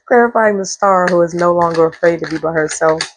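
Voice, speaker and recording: A woman's voice: lowish voice, a little fast, slight background noise, low-quality recording. A woman giving a casual tarot reading, chatty and rambling, who swears freely. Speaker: tarot reader.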